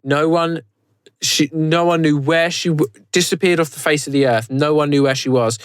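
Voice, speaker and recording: A man's voice: on the high side, steady tone, normal speed, smooth, no echo, studio quality. Rambling British man on a podcast. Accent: British English. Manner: chatty, rambling, restarts mid-sentence. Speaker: podcast co-host. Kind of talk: casual podcast chat. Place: recorded live in a converted prison.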